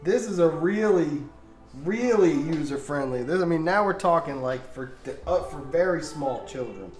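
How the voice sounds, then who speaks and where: Man, livestream host, giggly joke-telling, high voice, echoey room. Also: lively intonation, normal speed, darkish tone. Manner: giggly, laughs through his jokes. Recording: roomy, faint music behind.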